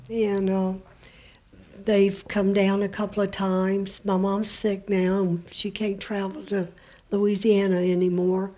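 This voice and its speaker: Guest: woman, 60s, mellow and unhurried, flat delivery, halting with fillers. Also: mid-range voice. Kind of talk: casual interview talk.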